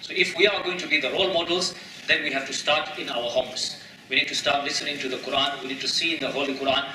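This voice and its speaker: A man's voice: a little high, fairly even intonation, fast talker, pushed and bright, far from the mic, a little hiss or hum. Emphatic man preaching in an echoey mosque hall. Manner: emphatic, rhetorical questions, repeats phrases, mixes in Arabic and Urdu terms. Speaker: imam giving a mosque talk. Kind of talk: sermon.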